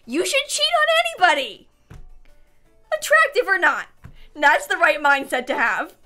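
A young woman livestreaming a game with a high, bright voice that jumps all over the place. She chats with her viewers, giggles a lot and keeps thanking them, speaking through a headset. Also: huge pitch swings, normal speed, soft background music. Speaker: streamer. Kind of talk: live game stream chat. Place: home streaming setup.

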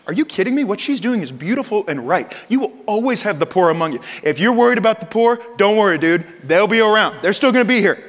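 A man playing a firm, steady male teacher who rebukes sternly but casually. His voice sits a little high and carries into a long, ringing reverb. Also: normal speed, few pauses, husky. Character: calm, firm male teacher defending a woman.

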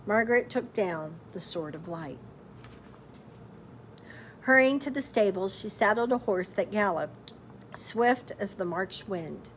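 Expressive woman reading a storybook. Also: medium pitch, a little hiss or hum. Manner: expressive, pauses to quiz listeners. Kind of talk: storybook read-aloud.

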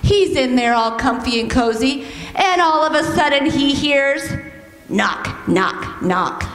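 A woman teaching a children's church lesson, telling a story in an animated, coaxing way and leading the kids in call-and-response. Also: sits high, moderate pace, faint music behind. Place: church sanctuary. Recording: echoey hall, heard from some distance.

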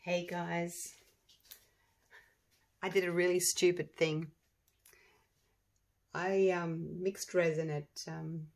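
A woman who runs a resin craft channel, chatting to viewers in an excitable, gushing way while she works. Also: on the low side. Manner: excitable, gushing, talks to viewers as you guys. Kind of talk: casual chat while crafting.

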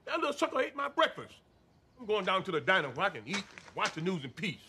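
A man's voice: high-pitched, huge pitch swings, quick pace, noisy background. An actor playing a cranky, suspicious older man who complains indignantly. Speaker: wife's father.

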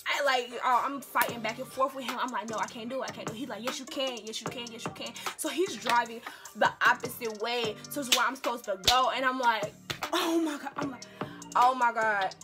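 A young woman speaking recounts a story for her vlog in an animated, dramatic way, repeating her lines for emphasis. Her voice sits a little high, and loud music plays behind her throughout. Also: fairly quick. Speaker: vlogger.

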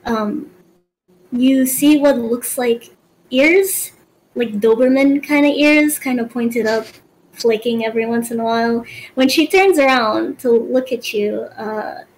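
A woman game master slowly describing a scene, with frequent hesitations. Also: on the high side, slight background noise, rough recording. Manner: slow, hesitant, with fillers.

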